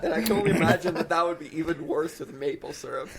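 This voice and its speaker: A man with a high, gravelly voice chats on a podcast, swinging his pitch all over. He laughs easily. There is crowd noise in the background. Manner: animated, laughing. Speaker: podcast guest. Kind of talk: casual chat.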